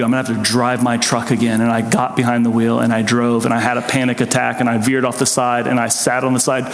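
A pastor preaches a sermon in a church sanctuary, recounting his own story with earnest, emotional intensity in a creaky, mid-range voice. The echoey hall gives long reverb, with slight background noise.

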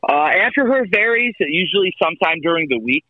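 A man's voice: sits high, lively intonation, fairly quick, dry recording. Upbeat Buffalo-accented man on a call. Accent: Buffalo, New York. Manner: friendly, upbeat, easygoing. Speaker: guest, podcast co-host. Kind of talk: casual chat over a call. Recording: dull, muffled call audio.

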